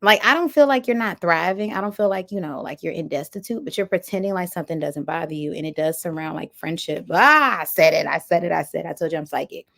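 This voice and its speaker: A woman's voice: on the low side, lively intonation, quick pace, vocal fry, hardly any pauses, fairly bright tone. A woman giving a pick-a-card tarot reading, reading oracle messages aloud and breaking into playful, chatty asides to her viewers. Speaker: tarot reader.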